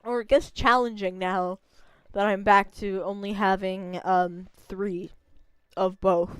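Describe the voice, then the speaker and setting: A woman's voice: medium pitch, fairly even intonation, slow, clean tone, no room sound. A young woman streaming a video game and chatting in a rambling, self-amused way into a close desk microphone. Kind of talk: casual gameplay commentary.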